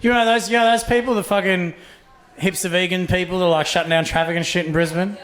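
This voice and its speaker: A man's voice: high-pitched, quick pace. A young adult man with an Australian accent performing a stand-up comedy set, telling profane stories and acting out voices. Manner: profane, animated storytelling with acted-out voices. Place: comedy club stage. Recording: echoey club room, faint ambience.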